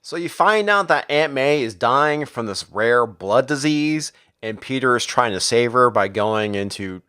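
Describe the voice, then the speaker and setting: A man's voice: mid-range voice, expressive, a little slow, pushed and bright, smooth. Profane sarcastic man reviewing comics. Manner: profane, sarcastic, jumps into character voices. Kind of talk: casual crude recap with acted quotes.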